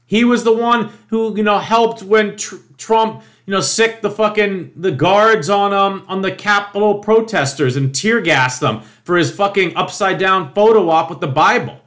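Fired-up male commentator, higher voice, swears freely, emphatic and scornful. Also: moderate pace, hardly any pauses, a bit bright. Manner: profane, indignant, emphatic ranting; mocking quoted voices. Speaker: political commentator. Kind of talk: opinion monologue.

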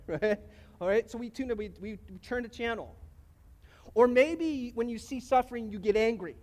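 Middle-aged pastor guy, high voice, casual storytelling sermon, talks right to the crowd. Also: moderate pace, a little mellow, long reverb tail. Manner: conversational storytelling, addresses congregation directly. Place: church.

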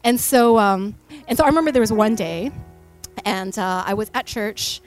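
A woman's voice: medium pitch, normal speed, soft background music. A woman in her thirties preaching a sermon in a church, speaking into a stage microphone in a chatty storytelling way with many fillers. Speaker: pastor.

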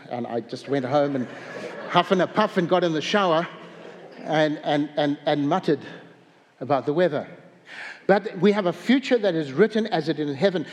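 A man's voice: a little high, a little mellow, big-room sound. A man preaching a sermon, telling stories in a rambling way with restarts and chuckles. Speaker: pastor.

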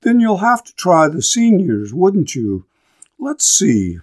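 A man voicing a polite young male college freshman off the farm, with a bright, clear voice and a rising inflection. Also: sits high, wildly swooping pitch, slow, voice pushed up, heavily acted. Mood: friendly.

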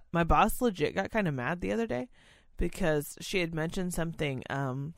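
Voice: mid-range voice, moderate pace, creaky, dry recording, clean studio sound. A person telling a long work story in casual chat, swearing freely and acting out what others said. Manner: profane, rambling storyteller who acts out other people's voices. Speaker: podcast co-host and senior-living staff worker.

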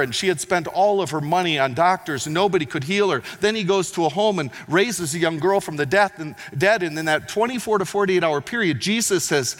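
A man preaching a sermon, swinging between loud emphatic lines and quiet, low asides. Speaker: pastor. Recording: long hall reverb.

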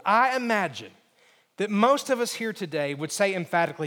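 A male pastor delivers a sermon in a high voice. He uses emphatic, repeated phrases that rise in force and then fall soft. His voice rings through a church sanctuary with a long reverb trail. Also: lively intonation, brisk. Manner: emphatic, repetitive preaching cadence with rising build-ups and quiet drops.

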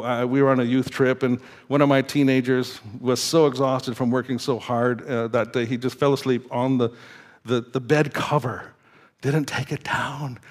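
A male pastor preaching a sermon to his church, moving between quiet reading and emphatic, lively exhortation. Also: mid-range voice. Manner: lively, swings from quiet to emphatic, with laughs and stumbles.

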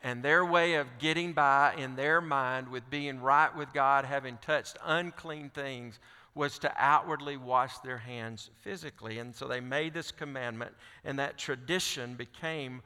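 A man's voice: mid-range voice, unhurried, bright, forceful tone, clear, resonant tone. A man preaching a sermon, reading scripture aloud and pressing questions on his listeners. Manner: reads scripture aloud, then presses questions with rising intensity. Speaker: pastor. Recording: long hall reverb.

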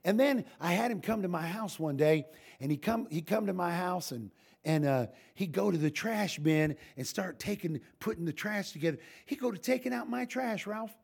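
Gravelly older preacher with folksy humor. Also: male voice, high-pitched, expressive, normal speed. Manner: folksy and joking, with frequent restarts. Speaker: pastor. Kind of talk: informal sermon with humorous storytelling.

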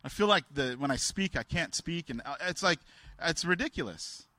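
A man preaching a sermon through personal stories. He talks candidly and haltingly, with many restarts, and raises his voice to act out the people in his stories. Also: a little high, animated, bright, forceful tone, dry recording.

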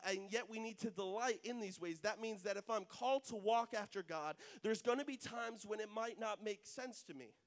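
Earnest male preacher with a very high voice, addressing the congregation in church. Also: long reverb tail. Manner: earnest, speaks straight to the congregation. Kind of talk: sermon.

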